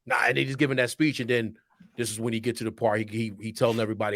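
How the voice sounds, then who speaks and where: A man's voice: fairly low pitch, quick pace, dry recording, clean studio sound. Laid-back slangy man, casual podcast chat. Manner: slangy, laughs often. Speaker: podcast co-host.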